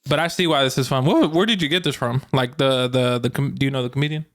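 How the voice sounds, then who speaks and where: A man's voice: medium pitch, fast. A man co-hosting a casual podcast, chatting loosely and laughing at his own jokes. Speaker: podcast co-host. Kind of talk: casual chat.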